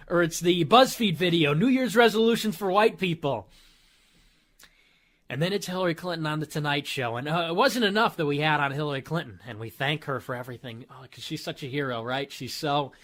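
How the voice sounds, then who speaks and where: A man's voice: high voice, fairly bright tone. Sarcastic ranting male host. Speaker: show host. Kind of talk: monologue commentary show.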